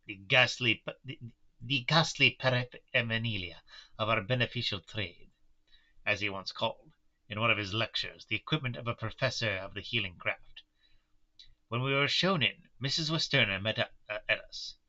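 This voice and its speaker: A man's voice: fairly low pitch, moderate pace, bright, forceful tone, lo-fi sound. A man reading a novel aloud live, with self-deprecating asides between passages. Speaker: reader. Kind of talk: live book reading with commentary.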